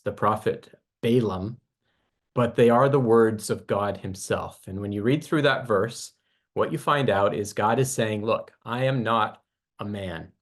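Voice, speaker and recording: A man teaching a Bible lesson in a measured, explanatory way, restarting phrases now and then as he works through a point. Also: on the low side.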